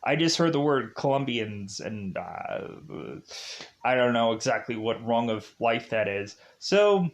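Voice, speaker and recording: Slow-talking man recapping a movie. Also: mid-range voice, animated. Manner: rambling, filler-heavy, unsure of names. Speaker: movie reviewer. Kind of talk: casual plot recap.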